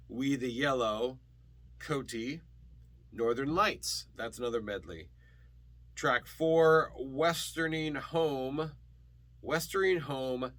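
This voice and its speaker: A man's voice: medium pitch, a bit bright. A man hosting a casual vlog about thrift-store records, rambling with lots of ums and uhs. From partly Scottish heritage. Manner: rambling, with many fillers and restarts. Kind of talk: casual chat.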